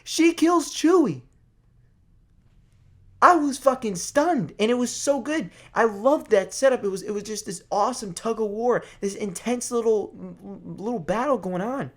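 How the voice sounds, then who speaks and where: A young man giving a casual movie review, excited and profane, rambling with lots of restarts. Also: sits high, moderate pace, few pauses.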